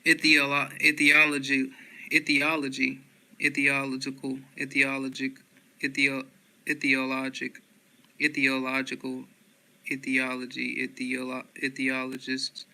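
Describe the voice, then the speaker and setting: A man with a drawl reads a dictionary word by word in a steady rhythm. His voice is bright and crisp, with a gravelly edge. He trips over the tricky words and starts them again. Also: medium pitch, measured pace, poor audio. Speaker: host reading a dictionary aloud. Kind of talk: rapid word-list reading.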